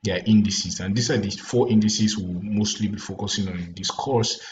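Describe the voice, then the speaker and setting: A man's voice: lowish voice, steady tone, a little fast. A tired, yawning man with a Nigerian accent teaches a casual trading lesson late at night, often checking in with "right?" and "you understand?". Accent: Nigerian English. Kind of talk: casual explanatory lecture. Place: recording indoors late at night. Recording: echoey room, dull lo-fi sound, faint background hiss.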